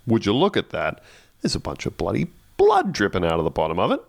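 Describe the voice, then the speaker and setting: Deep-voiced man, wry podcast recap. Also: huge pitch swings, fast, vocal fry, dry recording, clean studio sound. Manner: wry, sardonic commentary. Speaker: podcast co-host. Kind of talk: casual chat recapping a TV episode.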